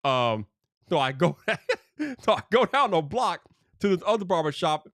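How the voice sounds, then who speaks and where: A man telling a casual story as a streamer host, animated and slangy, full of "bro". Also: high voice, unhurried, dry recording, studio quality.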